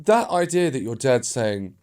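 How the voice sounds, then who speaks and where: A man's voice: mid-range voice, sing-song, moderate pace, darkish tone. A man hosting a podcast, asking long, hesitant, rambling questions with frequent restarts. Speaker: podcast host, comedian. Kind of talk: casual interview chat.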